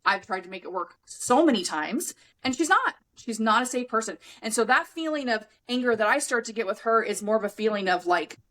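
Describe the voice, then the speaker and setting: A woman's voice: a little high, brisk, poor audio. A woman hosting a podcast, speaking casually and frankly, swearing freely and with emphasis as she coaches her guest on anger. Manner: acts out other people's lines in lively voices. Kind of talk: casual conversational podcast talk.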